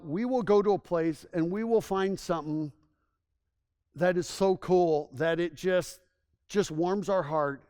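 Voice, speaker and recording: A man's voice: high-pitched, a little slow, clear, resonant tone. A man giving a public presentation to a town as a tourism consultant, telling stories in an enthusiastic, conversational way and often restarting his sentences.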